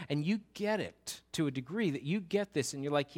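A man's voice: a little high, expressive, fast talker, hardly any pauses. A man preaching a sermon in an earnest, emphatic way, often restarting his words.

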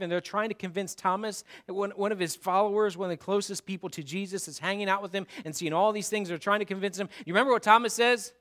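High-voiced, bright, animated male preacher. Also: quick pace, few pauses. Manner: animated, swings from loud storytelling to hushed emphasis. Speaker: pastor. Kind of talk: sermon.

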